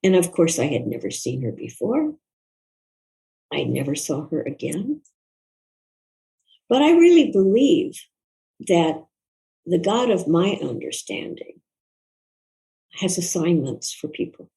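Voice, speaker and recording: An older woman, a guest author, recalling a personal story in an interview in a reflective, soft-spoken, earnest way. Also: on the low side, sing-song, slow pace, gravelly, pauses often, low-quality recording.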